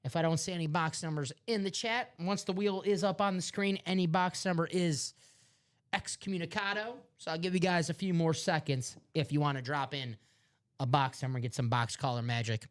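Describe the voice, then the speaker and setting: A man's voice: fairly high pitch, steady tone, brisk. Male live-stream host, Chicago accent, upbeat salesy banter with jokes. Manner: upbeat, joking, hyping items.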